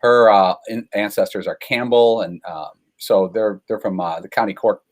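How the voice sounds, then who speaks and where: A man's voice: lowish voice, fairly even intonation, normal speed, poor audio. A man from Chicago, a guest telling long, rambling, self-deprecating stories in a casual way, with many fillers. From Chicago, USA. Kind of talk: casual storytelling over a call.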